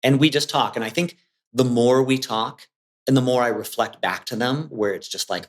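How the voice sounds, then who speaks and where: Man, podcast guest, casual chat, animated, acts out quotes, mid-pitched voice. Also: normal speed. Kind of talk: casual conversation.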